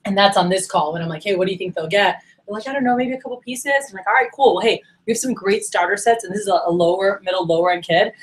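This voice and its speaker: A young woman leading a sales training workshop, talking fast and acting out little exchanges with her reps. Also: medium pitch, poor audio. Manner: animated, acts out quoted dialogue.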